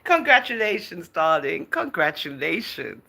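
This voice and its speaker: Livestream host, woman, chatty and teasing, with a bright voice that swoops up and down; laughs a lot and answers comments as they come. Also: deep voice, sing-song, unhurried, gravelly. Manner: chatty and teasing, often laughing, calls viewers darling and girl. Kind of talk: casual livestream chat, reading out viewer comments.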